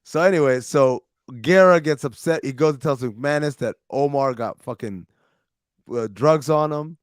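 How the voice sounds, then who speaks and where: A man hosting a podcast, retelling TV episodes in a casual, profane, animated way with plenty of quoted dialogue. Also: on the high side, normal speed, clean tone, dry recording, studio quality. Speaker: podcast host recapping a TV series. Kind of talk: casual recap chat with friends.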